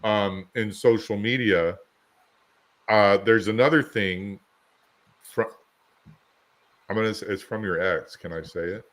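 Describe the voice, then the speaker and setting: A man with a somewhat low voice co-hosting a podcast. He talks in a loose, rambling way, piling up anecdotes and everyday examples to make a point. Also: measured pace, long pauses, a bit bright. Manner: rambling storyteller, chatty anecdotes. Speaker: podcast co-host. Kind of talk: casual conversational podcast.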